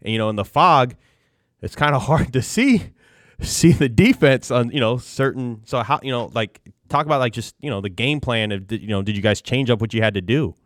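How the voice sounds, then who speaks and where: A man's voice: medium pitch, expressive, normal speed, fairly bright tone, no echo, studio quality. A man hosting a casual podcast interview, asking long, rambling questions full of fillers. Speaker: podcast host.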